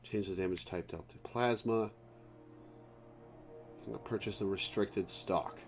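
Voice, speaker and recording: A man's voice: on the low side, steady tone, measured pace, faint music behind. A man streaming a game, reacting aloud with wry asides. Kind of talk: live game commentary.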